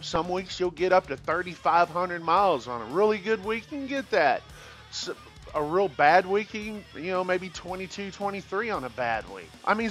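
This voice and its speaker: A truck driver vlogger rambling in a folksy, joking way through a casual opinion rant. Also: male voice, sits high, fairly bright tone. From Texas.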